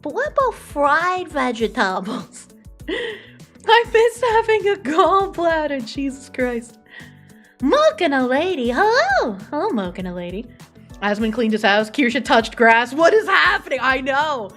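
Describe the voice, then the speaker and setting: Chatty high-voiced woman streamer. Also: animated, slow pace, a bit bright. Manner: chatty, swears freely, laughs often. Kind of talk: casual chat reading out viewer messages. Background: faint background music.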